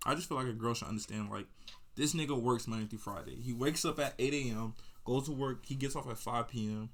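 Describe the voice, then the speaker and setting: A young man hosting a podcast, telling a story in a loose, rambling way, full of slang, asides and restarts. His voice sits at an everyday pitch and his delivery stays easygoing. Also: a little fast, a bit bright. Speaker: podcast host. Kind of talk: casual storytelling monologue.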